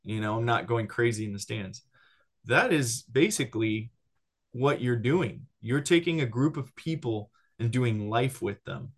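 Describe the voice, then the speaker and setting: Animated man teaching on discipleship. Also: medium pitch, a little slow. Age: adult with a child. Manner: animated, lots of restarts and "right?" check-ins.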